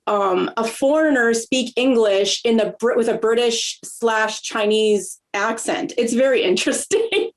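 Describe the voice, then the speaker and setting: A woman's voice: on the high side, a little slow, few pauses. A middle-aged woman from Canada hosting a podcast, telling stories chattily and laughing often. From Southern Alberta, Canada. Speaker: podcast host. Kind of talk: casual conversation.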